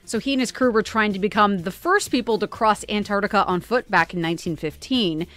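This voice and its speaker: A woman's voice: mid-range voice, fairly quick, fairly bright tone. A woman from Canada co-hosting a morning radio show, chatty as she walks through news items in a studio. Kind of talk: casual radio banter.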